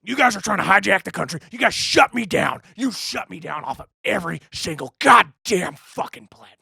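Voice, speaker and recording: Dude doing a screaming conspiracy radio guy, gravelly, sharp, cussing nonstop. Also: sits high, lively intonation, fairly quick, no room sound, exaggerated voice. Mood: raging. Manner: shouting, profane tirade. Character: furious male conspiracy talk-show ranter. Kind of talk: debate parody.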